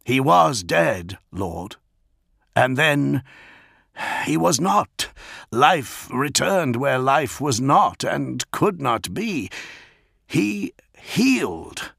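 A man voicing a grave, measured aide who speaks slowly and formally. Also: mid-range voice, sing-song, gravelly, fairly bright tone, slightly rough, dry recording, studio quality, pitched above the performer's own voice, exaggerated voice. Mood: awed. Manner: slow, deliberate, formal. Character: grave male alien-featured aide, measured and solemn.

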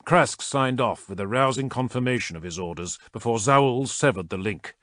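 A man reading a war story aloud as narrator, in measured, dramatic storytelling. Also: mid-range voice, a bit bright, dry recording, studio quality. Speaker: audiobook narrator. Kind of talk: scripted narration.

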